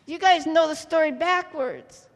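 A woman preaches with a high voice. She talks slowly and keeps turning to the congregation with questions. Her voice rings with the long reverb of a church hall. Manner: lively, asks the congregation questions often. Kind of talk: sermon.

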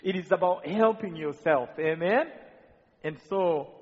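A man from Rwanda preaches, telling his testimony as a story full of quoted voices and restarts. His voice sits high and a little husky. The sound is dull and lo-fi, with the long echo of a large hall. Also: measured pace. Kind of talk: sermon testimony.

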